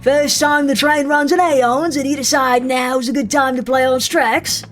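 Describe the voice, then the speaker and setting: A woman's voice: high voice, fairly even intonation, unhurried, soft background music. A woman voicing a sardonic, no-nonsense train conductor with a dry, wisecracking manner.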